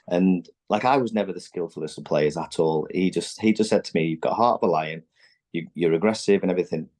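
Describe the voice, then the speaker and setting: Low mellow-voiced man telling stories. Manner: animated, acts out quotes from teammates; loose, chatty, many fillers and restarts. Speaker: former footballer guest. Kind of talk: candid podcast storytelling.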